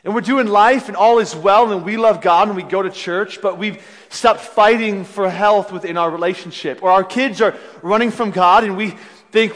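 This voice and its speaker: High-voiced male pastor in a reverberant hall. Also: moderate pace. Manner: animated storytelling with frequent restarts. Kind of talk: sermon. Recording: long reverb of a large hall.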